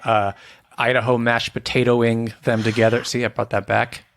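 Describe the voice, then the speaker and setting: A man's voice: mid-range voice, little pitch movement, normal speed, vocal fry, fairly bright tone. A man co-hosting a laid-back podcast in a playful, joking way. He chats easily and teases his co-host. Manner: playful, jokey, does silly voices and sings snippets. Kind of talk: casual chat.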